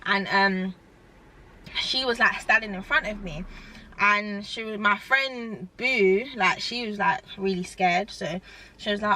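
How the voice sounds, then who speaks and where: Bright-voiced young woman vlogging. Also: mid-range voice, unhurried. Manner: animated, rambling, heavy use of "like". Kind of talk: casual storytime chat.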